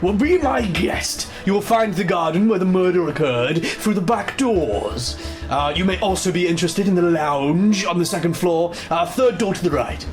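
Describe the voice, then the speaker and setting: A smug aristocratic baron, as a man puts him on, drawling in a put-on posh English accent. The voice sits a touch higher than usual and swoops about with lively pitch, and music plays behind him in a video game. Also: moderate pace, few pauses. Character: posh pompous male baron, wealthy aristocrat.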